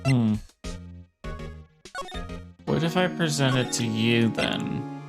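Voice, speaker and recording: A woman's voice: very deep voice, slow pace. A woman streaming a game, chatting casually with self-deprecating, giggly asides over game music. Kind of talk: casual gameplay commentary.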